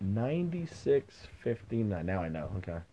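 A man's voice: on the low side, sing-song, moderate pace, dark tone, dry recording. A middle-aged man hosting a sports podcast in casual chat, blunt and opinionated, swearing freely, on a dull lo-fi recording. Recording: dull lo-fi sound.

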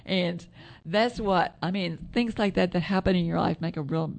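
Soft-voiced woman with a gravelly edge. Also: on the low side, normal speed. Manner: rambling, self-correcting storyteller with frequent laughs. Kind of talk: storytelling in casual chat.

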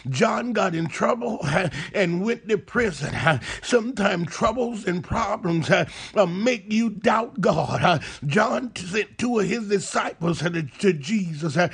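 A man preaching a sermon in a chanted, whooping cadence, opening nearly every phrase with a breathy "uh". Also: high-pitched, animated, unhurried, few pauses.

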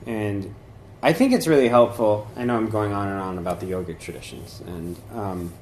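A man's voice: lowish voice, moderate pace, darkish tone, a little hiss or hum. Rambling man giving a casual spiritual talk. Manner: rambling and conversational, many fillers and restarts. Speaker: meditation and yoga teacher. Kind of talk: informal dharma talk. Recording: echoey room.

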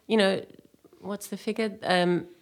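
A woman's voice: mid-range voice, fairly even intonation, unhurried, vocal fry. A woman with an English accent, a guest chatting casually on a radio show and rambling with many fillers. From England. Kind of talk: casual chat.

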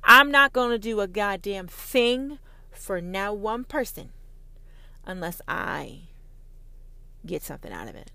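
A woman's voice: medium pitch, lively intonation, unhurried, creaky, long pauses, pushed and bright, no room sound. A woman with a Southern American accent delivering an impassioned monologue, profane, heated and sarcastic, often mocking imagined opponents in a put-on voice. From Southern United States. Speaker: podcast host.

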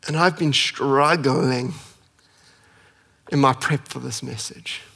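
A man preaching a sermon with impassioned delivery, climbing to emphatic peaks and dropping to soft, quiet passages. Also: mid-range voice, takes it slowly, gravelly, breathy edge. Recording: long hall reverb.

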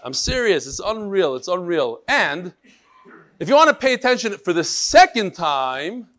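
Animated man teaching a Torah class. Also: high voice, moderate pace. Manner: animated, mixing Yiddish and Hebrew terms into English. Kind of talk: lively class talk with readings.

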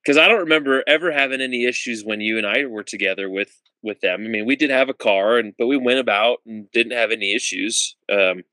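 A man's voice: mid-range voice, brisk, few pauses, pushed and bright, no echo, poor audio. A man hosting a podcast interview, easygoing and reflective, laughing along with his guest. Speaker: podcast host. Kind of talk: casual interview chat.

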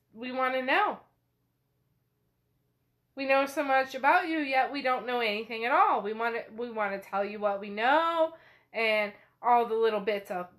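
A woman hosting a book podcast retells a chapter in a relaxed, chatty way. Her voice sits a little high, and she takes her time. She keeps dropping fillers as she paraphrases. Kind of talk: casual retelling of a novel chapter.

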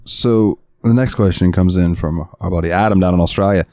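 A man's voice: low-pitched, fairly quick, warm tone, no room sound, studio quality. A man co-hosting a podcast in casual chat, laid-back and joking, reading out listener questions. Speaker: podcast co-host.

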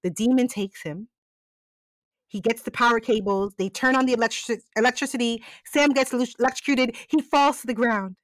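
Talking briskly in a slightly high voice, a woman goes over a TV episode for her podcast in a laid-back way. She voices the characters' lines amid plenty of laughter, and there's no echo.

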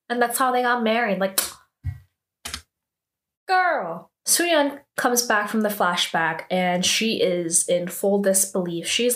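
A woman chatting casually through a drama recap, using many fillers and reacting strongly to the plot. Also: medium pitch.

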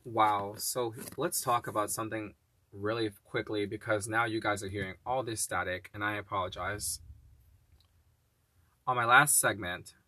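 A man hosting a solo podcast, chatting casually and reading slow, deliberate affirmations in an encouraging, upbeat way. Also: on the low side, steady tone, bright, forceful tone. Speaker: podcast host.

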